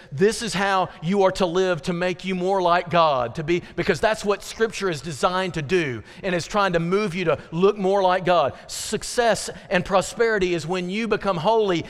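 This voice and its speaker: This sermon comes from a high-voiced male pastor whose animated preaching falls away now and then to hushed, earnest lines. It was captured in a church sanctuary whose hall rings with long reverb.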